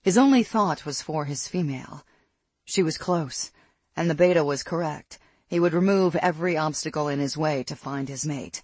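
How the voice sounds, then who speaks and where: A narrator giving a steady, scripted reading of a fantasy audiobook. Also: female voice, deep voice, moderate pace, breathy edge, no room sound. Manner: steady, even storytelling.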